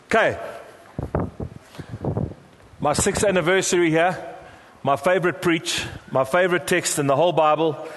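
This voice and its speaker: South African pastor preaching in a big hall. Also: male voice, fairly high pitch, moderate pace, pauses often, noisy background. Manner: preaching with call-and-response prompts to the congregation. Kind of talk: sermon. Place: large church hall. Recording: long hall reverb.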